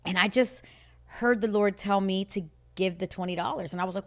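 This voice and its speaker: A podcast co-host, a woman with a mid-range voice, talks fairly quickly as she tells a personal story in casual chat. She's an animated storyteller who laughs often and acts out what she and others said, including her own quotes.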